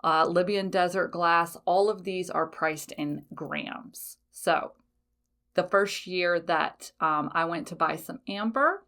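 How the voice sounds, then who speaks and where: A woman's voice: fairly low pitch, slow, fairly bright tone. Chatty, laughing woman podcast host. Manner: chatty, laughs often, casual swearing; frequent fillers, self-corrections. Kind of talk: casual solo podcast chat.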